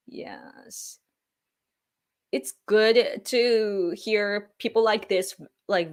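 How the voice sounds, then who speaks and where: A young woman hosting a casual live stream, hesitant, with many pauses and filler words and small laughs. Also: mid-range voice. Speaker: livestream host. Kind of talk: casual live-stream recap, reading viewer comments.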